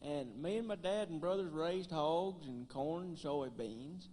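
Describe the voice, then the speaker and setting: A man with a thick West Tennessee drawl, telling homespun jokes and stories on stage with a deadpan delivery. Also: fairly high pitch, measured pace. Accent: West Tennessee Southern drawl. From Gleason, Tennessee. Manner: homespun, deadpan one-liners. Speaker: banjo player and comedian. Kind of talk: folksy stand-up storytelling on stage. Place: concert stage.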